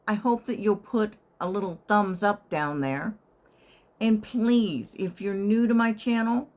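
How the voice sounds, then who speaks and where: An older woman living in assisted living, telling a wry, chatty story to her channel and sometimes whispering her inner thoughts. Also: medium pitch. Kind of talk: casual storytelling to camera.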